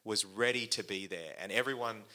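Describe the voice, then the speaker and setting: A man's voice: fairly low pitch, normal speed, sharp tone. A middle-aged man co-hosting a church leadership podcast, chatting and telling stories in an affirming way. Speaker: podcast co-host, pastor. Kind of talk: casual ministry podcast chat.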